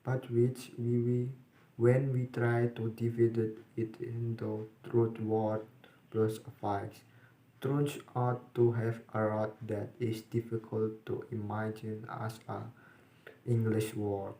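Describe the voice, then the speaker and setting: A young man, a student, reading a class presentation in a careful, flat way with small restarts. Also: lowish voice, slow. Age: young adult. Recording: echoey room.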